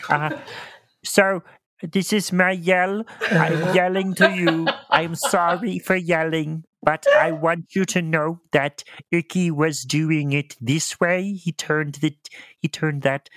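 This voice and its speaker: Shy, low-voiced adventurer who mumbles and says sorry, voiced by a woman, slow and dry. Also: no room sound. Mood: hesitant. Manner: hesitant, mumbling, apologetic.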